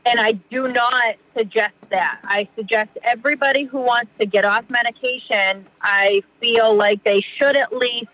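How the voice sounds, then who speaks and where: Woman guest, casual and rambling, bright voice, dry mic. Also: a little high, fairly even intonation, normal speed, few pauses, no echo, rough recording. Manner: rambling, heavy use of "like" and "you know". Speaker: podcast guest. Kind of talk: casual conversation.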